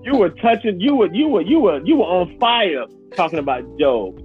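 Lively high-voiced man laughing on a tinny line. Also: moderate pace, faint music behind. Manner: animated, joking, laughs often. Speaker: podcast co-host. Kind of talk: casual chat.

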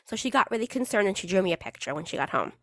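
A woman rambles through a casual solo podcast, playful and chatty with a swear word here and there. Her pitch swings up and down with lots of life. Her voice sits at a middle height and sounds close and dry, with no room around it. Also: sing-song, rapid-fire, a bit bright, no room sound. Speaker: podcast host.

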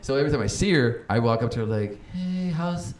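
A man's voice: medium pitch, racing. A man in his forties co-hosting a podcast in casual, profane chat, acting out the voices of people he quotes. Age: 40s. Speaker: podcast co-host. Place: live venue. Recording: echoey room with faint noise.

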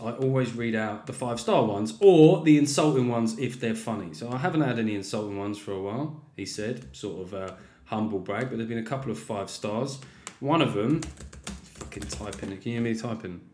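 Sweary comedian hosting a podcast. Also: male voice, medium pitch. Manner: sweary, joking, rambling. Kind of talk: casual monologue.

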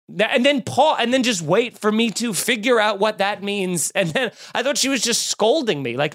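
A man from Long Island hosts a podcast and tells a funny story in a loose, chatty way. He exaggerates for laughs and acts out the scenes. His voice sits high for a man. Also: normal speed, vocal fry. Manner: animated, exaggerated comic retelling. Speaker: podcast host. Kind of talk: casual comic storytelling.

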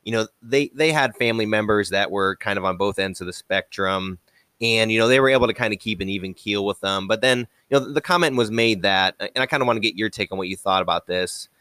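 A man hosting a casual talk show, speaking haltingly with many restarts and frequent agreement. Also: lowish voice, bright, forceful tone, no echo, clean studio sound. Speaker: podcast host. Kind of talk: casual chat.

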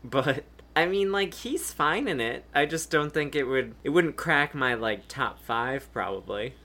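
A man's voice: mid-range voice, expressive, unhurried, bright, forceful tone, slight background noise. A man co-hosting a casual movie podcast, laid-back and full of fillers. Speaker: podcast co-host.

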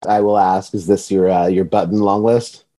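Mellow-voiced man interviewing a guest. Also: sits low, flat delivery, normal speed. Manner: brief, encouraging interjections. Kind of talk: casual interview conversation.

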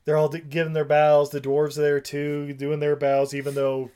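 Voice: medium pitch, completely flat delivery, normal speed, warm tone, clean tone. Casual co-host, loose rambling recap, heavy fillers, jumps into character voices. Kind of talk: casual chat recapping a film.

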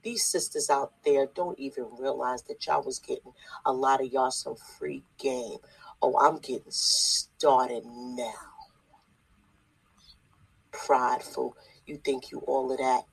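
A husky-voiced online preacher delivering a blunt, scolding sermon. The speaker repeats key lines for emphasis and keeps firing rhetorical questions at the audience. The voice carries a breathy, rough edge. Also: mid-range voice, steady tone, takes it slowly, poor audio. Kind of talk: preaching video.

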